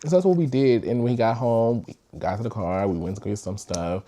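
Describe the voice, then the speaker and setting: A man's voice: medium pitch, brisk, warm tone, a little hiss or hum. Young male podcast host, mid-range voice, candid rambling storyteller who swears freely. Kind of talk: casual storytime.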